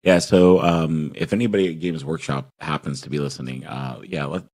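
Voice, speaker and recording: A man's voice: extremely low pitch, steady tone, a little fast, a little mellow. A man hosting a casual podcast, mostly giving short, agreeable replies. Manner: agreeable, brief backchannel replies. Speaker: podcast host.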